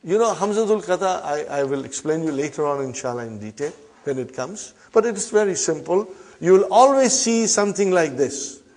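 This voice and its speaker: A man with a fairly high voice, teaching Arabic grammar to an online class. He says each phrase slowly, then explains it in quick English and asks his brothers and sisters if they follow. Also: animated, darkish tone. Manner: addresses students as brothers and sisters, checks understanding with "huh?".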